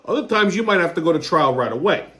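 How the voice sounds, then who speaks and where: A man hosting his own show, telling a story as a comedic monologue, profane and sarcastic, swinging between low muttering and excited outbursts. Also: fast talker. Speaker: host.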